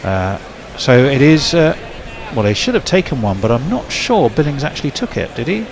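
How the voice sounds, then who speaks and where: A man commentating on cricket ball by ball, chatty and correcting himself as he goes. His pitch is middling, and clear background noise runs under his voice. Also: very animated, moderate pace. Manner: chatty, checks himself aloud.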